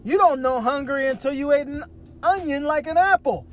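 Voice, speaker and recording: A man's voice: extremely high pitch, moderate pace, voice pushed up. A man doing his scolding 92-year-old grandfather.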